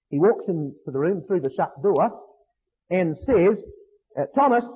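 A man preaching a sermon, emphatic, slowing to stress phrases and asking rhetorical questions. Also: sits high, mellow, slightly rough, poor audio.

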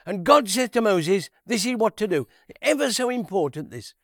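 A man giving a conversational Bible teaching, unhurried, repeating key phrases and asking rhetorical questions. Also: sits high, sing-song, fairly bright tone, dry recording, clean studio sound.

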